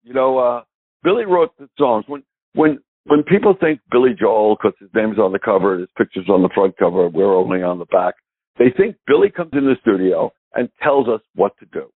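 An older man, a guest drummer, telling lively anecdotes with a raspy voice and frequent chuckles, heard over call audio. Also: lowish voice, moderate pace, no echo, phone-quality sound. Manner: lively storyteller who chuckles often.

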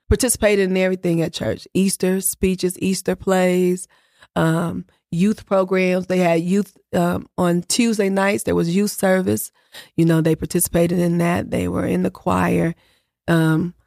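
A middle-aged woman telling family stories as an interview guest, acting out quotes in higher voices. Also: gravelly, darkish tone, dry recording, clean studio sound. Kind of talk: casual storytelling.

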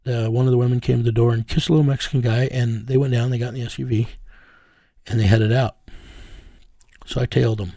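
A man's voice: mid-range voice, fairly even intonation, fast talker, creaky, warm tone, dry recording. A man telling, in plain, folksy words, the story of a case he tracked as an investigator. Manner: plain-spoken, drawling, folksy phrasing. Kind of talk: casual first-person storytelling.

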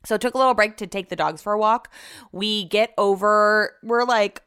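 A woman's voice: mid-range voice, normal speed, fairly bright tone, clear, resonant tone. A woman with a Californian accent telling a story in a casual vlog, rambling and swearing often, still shaken and upset. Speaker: vlogger.

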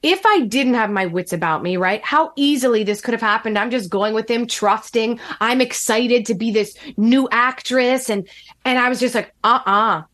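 Lively woman telling a story. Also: normal speed. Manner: animated, acts out quotes with shifting pitch. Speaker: podcast guest. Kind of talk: casual storytelling.

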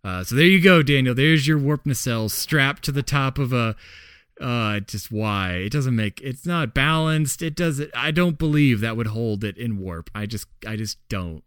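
A man's voice: medium pitch, animated, normal speed, a bit bright, clean tone, no room sound, clean studio sound. A man co-hosting a podcast in casual chat. He laughs often and fills his talk with "uh" and "like". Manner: chatty, laughs often, many fillers. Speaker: podcast co-host.

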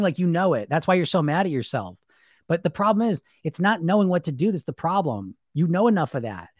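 Man, weight loss coach, casual live stream, rambling, emphatic, mocking imitations, fairly high voice, dry close sound. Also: a little mellow, dry recording.

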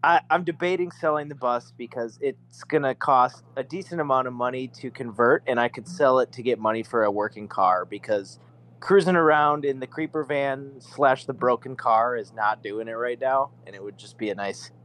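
A man co-hosting a podcast in casual chat, relaxed and swearing casually, laughing often. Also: medium pitch, normal speed. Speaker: podcast co-host.

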